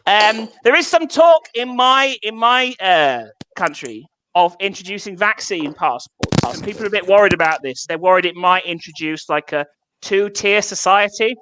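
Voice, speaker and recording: A man's voice: high-pitched, expressive, moderate pace, sharp tone, slight background noise. An English man doing stand-up over a video call, swearing freely and laughing at his own jokes. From England. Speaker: stand-up comedian.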